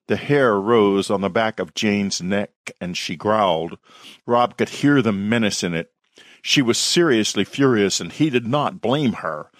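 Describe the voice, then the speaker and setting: A man reading his own horror story aloud in a slow, measured narration. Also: lowish voice, no echo, studio quality.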